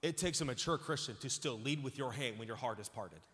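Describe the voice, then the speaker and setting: In a large church auditorium, a pastor preaches emphatically, repeating phrases as he calls out to the congregation. He speaks fairly quickly at medium pitch, with background noise and the hall reverb of a big church.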